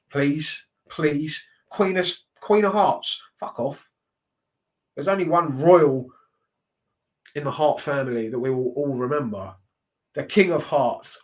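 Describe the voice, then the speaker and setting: Man, ranting wrestling reaction, blunt, swears a lot, mid-pitched voice. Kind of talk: casual reaction commentary.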